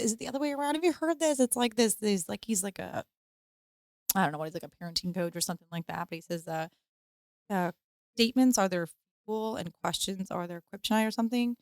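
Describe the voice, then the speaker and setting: A woman's voice: medium pitch, no echo, clean studio sound. A woman co-hosting a casual podcast chat about parenting, rambling with many fillers. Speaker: podcast co-host.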